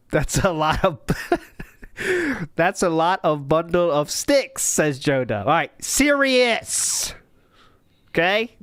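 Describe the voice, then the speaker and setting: Podcast host, male, lively mocking commentary, dry close mic, pitch swinging widely. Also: takes it slowly, pauses often, no echo. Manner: laughing, mocking, animated riffing. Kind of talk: reaction commentary.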